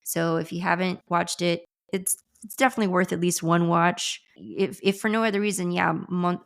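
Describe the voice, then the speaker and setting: A woman with a low voice hosts a podcast in a loose, casual way. She rambles, restarts her sentences and laughs along the way. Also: normal speed, creaky. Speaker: podcast host. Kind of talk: casual chat.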